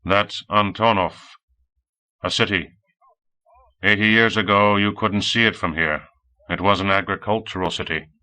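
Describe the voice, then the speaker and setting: A man voicing an old male android robot who speaks in a droning monotone. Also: lowish voice, moderate pace, pauses often.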